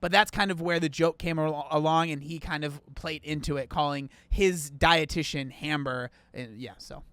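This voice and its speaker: A man's voice: fairly high pitch, fairly even intonation, normal speed, few pauses, pushed and bright, smooth, no room sound. A man rambling and chatting casually as he comments on clips in a reaction video. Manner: rambling, chatty, restarts often.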